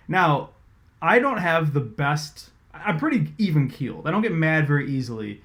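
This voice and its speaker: A man, a sports reporter, casually telling an animated, swear-laced story about his job. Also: fairly high pitch, moderate pace. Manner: animated, conversational, swears freely.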